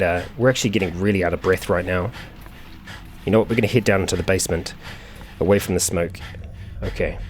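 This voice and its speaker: A man hosting a let's play, chatting through his gameplay as he thinks aloud, with frequent fillers. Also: sits low. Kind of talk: gameplay commentary.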